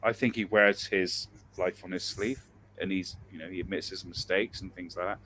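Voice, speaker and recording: A man's voice: deep voice, steady tone, moderate pace, fairly bright tone, a little hiss or hum. A man in a casual group chat on a call, blunt and joking, swearing freely. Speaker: chat participant.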